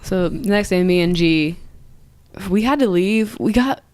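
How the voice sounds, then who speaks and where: A woman's voice: mid-range voice, animated, a little slow, darkish tone, no room sound. A young woman co-hosting a podcast, telling a story in a rambling, giggly way, full of "like" and restarts. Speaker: podcast co-host. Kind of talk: casual storytelling chat.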